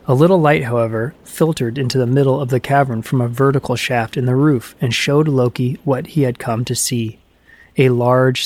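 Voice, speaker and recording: A man reading a myth aloud as a storyteller, in an even, measured way. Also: medium pitch. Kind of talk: scripted narration of a myth.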